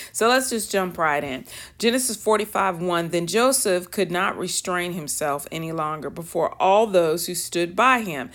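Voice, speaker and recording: A woman with a fairly low voice leads a relaxed Bible study. She reads passages aloud with lively emphasis and then chats through what they mean. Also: gravelly. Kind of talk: casual Bible study teaching.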